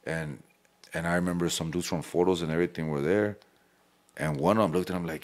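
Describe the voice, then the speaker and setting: A very deep, low-pitched male voice. He chats casually as a podcast guest, swearing freely and dropping Spanish slang into his stories. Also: fairly even intonation, a little fast. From El Paso, Texas. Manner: profane, streetwise storytelling mixed with Spanish slang.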